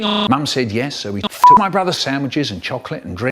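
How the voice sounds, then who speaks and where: Animated male storyteller with wild pitch swings. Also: a little fast, background noise. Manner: theatrical, swings between squeaky quoted voices and low mutters. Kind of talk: comic children's storytelling, spliced remix.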